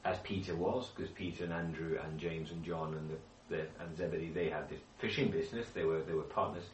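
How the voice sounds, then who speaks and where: A man's voice: low-pitched, steady tone, fairly quick, a little hiss or hum. A man leading a Bible study group, explaining with questions to the group and frequent restarts. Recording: echoey room, speaker far from mic.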